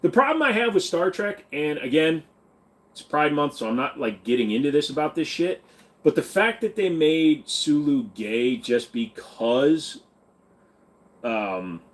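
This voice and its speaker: A man hosting a livestream and answering his chat in a blunt, irreverent voice. His pitch swings widely and sits a little high for a man. He riffs freely and pokes fun as he goes. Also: big pitch swings, unhurried. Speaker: livestream host reading chat.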